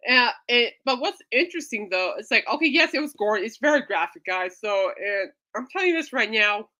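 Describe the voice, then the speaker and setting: A woman hosting a casual podcast, rambling through an animated story with many fillers and dramatic re-enactments of her own reactions. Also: fairly high pitch, fairly quick. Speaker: podcast host. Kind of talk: casual rambling livestream chat.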